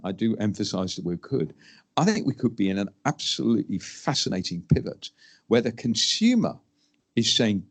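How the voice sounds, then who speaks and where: A man speaking on an industry panel, measured and emphatic, acting out short quotes. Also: on the low side, big pitch swings. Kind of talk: panel discussion.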